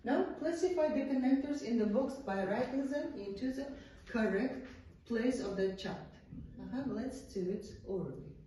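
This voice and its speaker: A woman's voice: fairly high pitch, moderate pace, dark tone, distant mic, slight background noise. A woman teacher with an Uzbek accent giving a classroom lecture, often saying "uh-huh" and checking with students by asking "yes?". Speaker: English teacher. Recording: echoey classroom, voice from across the room.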